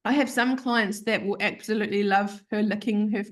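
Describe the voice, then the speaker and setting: A woman tells a personal story in a casual, animated way. She talks over a video call as an interview guest, slipping into voices for the people she quotes and laughing between lines. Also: mid-range voice, fairly quick.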